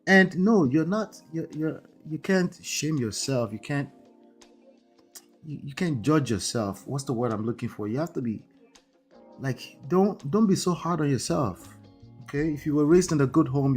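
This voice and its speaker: A man's voice: fairly high pitch, a little mellow, breathy edge. A man with an accent, hosting a live marriage-coaching stream in a conversational way, often checking in with "right?" and "okay?". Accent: non-native English accent. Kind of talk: livestream talk.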